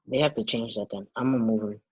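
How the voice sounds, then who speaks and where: A man's voice: medium pitch, steady tone, fast talker, darkish tone, breathy edge, no echo. A man teacher taking roll in an online class on a video call, matter-of-fact. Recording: dull, dry video-call audio.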